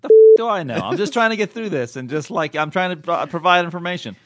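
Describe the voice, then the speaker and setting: A man's voice: high-pitched, big pitch swings, fast talker, no room sound. A man hosting a casual comedy podcast, rambling off the cuff and laughing often. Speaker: podcast host.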